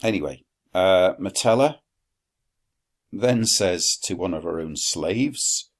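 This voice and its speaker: Slow, gravelly-voiced male Latin teacher. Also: sits low. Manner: dry wry asides, slow deliberate explanation. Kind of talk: recorded classroom lesson.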